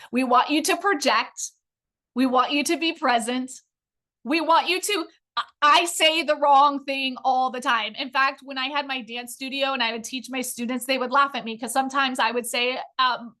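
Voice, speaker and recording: A middle-aged woman with a high, bright voice teaches a live online workshop on speaking. She talks with energy and keeps turning to her audience directly, calling them "you guys". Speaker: speaking coach.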